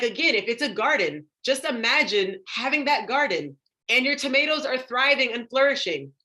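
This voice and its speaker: A young adult woman giving a live motivational talk on confidence to an online audience, acting out inner voices with big jumps up in pitch and dropping soft on heavy words. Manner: drops soft and low on emotional words. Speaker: confidence coach.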